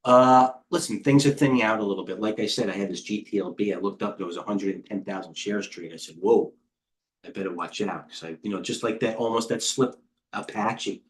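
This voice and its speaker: A middle-aged man coaching traders, talking in a quick, scattered way and thinking out loud with lots of asides. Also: on the low side. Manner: rapid, scattered thinking aloud with many asides. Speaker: trading coach and host. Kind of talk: live market commentary.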